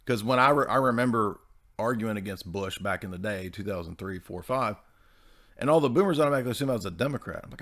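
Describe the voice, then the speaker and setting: A man's voice: fairly low pitch, fast talker, a bit bright. A man, giving casual podcast commentary and tagging his points with "right?". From American Bible Belt. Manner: rhetorical, keeps asking "right?".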